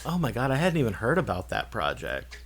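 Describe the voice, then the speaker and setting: A man co-hosting a casual podcast, telling a story with animated delivery. He acts out the people in the anecdote, shifting his voice for each quote. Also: mid-range voice, fairly quick, a little hiss or hum. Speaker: podcast co-host.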